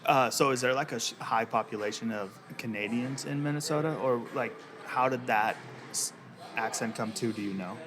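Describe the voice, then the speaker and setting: Man, podcast host, jokey and upbeat, mid-pitched voice, clear music bed behind him. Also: moderate pace. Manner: jokey, upbeat, direct questions. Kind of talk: casual interview chat. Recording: music playing underneath.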